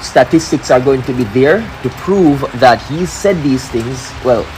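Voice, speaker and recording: Measured man explaining a race. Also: medium pitch, expressive, darkish tone, a little hiss or hum, rough recording. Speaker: sports commentator. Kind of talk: explanatory sports commentary.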